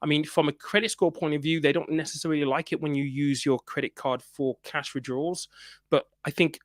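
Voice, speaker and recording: A man, hosting a casual personal finance chat and reading out viewer comments, chatty and quick to laugh, with many restarts. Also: a little high, fairly even intonation, no echo, clean studio sound. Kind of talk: casual live-stream chat.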